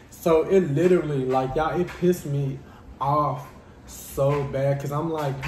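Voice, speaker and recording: A man telling a dramatic personal story to his vlog viewers in a lively, casual way. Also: a little high, measured pace, echoey room, noisy background. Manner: animated, dramatic storytelling addressing viewers as y'all. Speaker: vlogger.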